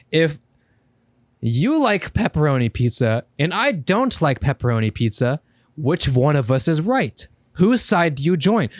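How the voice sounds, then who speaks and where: A man co-hosting a podcast in casual chat, animated, laughing often and repeating himself. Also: a little high, no room sound, studio quality. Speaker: podcast co-host.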